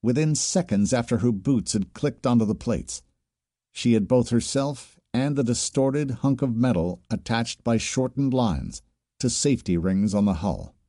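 A man narrates in a measured, even way, with a dark and mellow timbre. His voice sits at a mid pitch and is recorded dry and close to the mic. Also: no echo. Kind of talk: audiobook narration.

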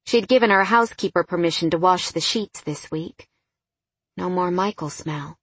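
A woman reading a novel aloud in an even, storytelling narration. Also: fairly low pitch, normal speed, breathy edge, dry recording. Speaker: audiobook narrator. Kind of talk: scripted narration.

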